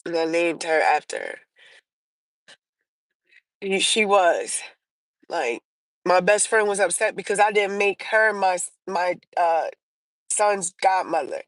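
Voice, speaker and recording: Chatting casually on her livestream, a woman tells rambling personal stories packed with fillers and restarts. Her lowish voice is expressive, she takes it slowly and pauses often, and the low-quality recording has no echo.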